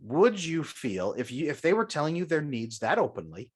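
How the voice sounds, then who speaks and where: A man's voice: a little high, sing-song, moderate pace, husky. A man speaking as a coach and podcast guest, confident and emphatic, guiding the listener through an imagined scenario. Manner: emphatic and confident, often agreeing firmly. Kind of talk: conversational podcast interview.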